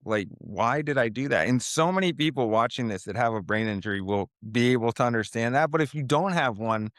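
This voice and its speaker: A man's voice: mid-range voice, expressive, fairly quick, fairly bright tone, no echo, clean studio sound. A man in his thirties, a podcast guest, talking casually with lots of fillers and laid-back slang, speaking from home. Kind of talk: casual interview talk. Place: home, with a baby heard nearby.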